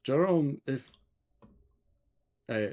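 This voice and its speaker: A man's voice: mid-range voice, animated, drawn-out words, mellow. A man voicing a blunt adventurer who talks in short, broken phrases. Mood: probing. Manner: clipped broken grammar.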